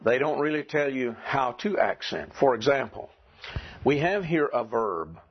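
A Greek teacher with a husky, mid-pitched voice lectures his class on grammar rules, patiently repeating them. He is expressive and speaks a little slowly. The recording is dull and lo-fi.

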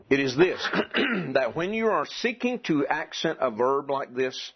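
A man's voice: medium pitch, husky, dull audio. A man teaching Greek grammar to a class, patiently repeating the rules and asking the students questions. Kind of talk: classroom lecture.

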